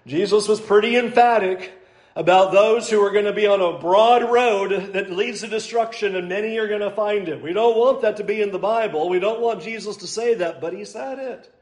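Male preacher, high voice, emphatic and repetitive with dry sarcasm, roomy reverb. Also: normal speed, darkish tone. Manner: emphatic, repeats key points, dry sarcasm. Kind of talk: sermon. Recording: roomy echo.

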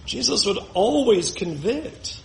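A man's voice: high voice, sing-song, slow, creaky, a little hiss or hum. A man preaching a sermon as pastor, emphatic, often acting out the voices of the people he quotes. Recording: roomy echo.

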